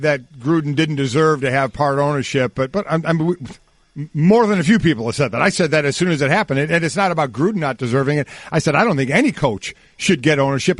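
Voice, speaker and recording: A man co-hosts a sports radio show with a slightly high voice. He argues his opinions emphatically. The sound is close and dry. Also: dry recording.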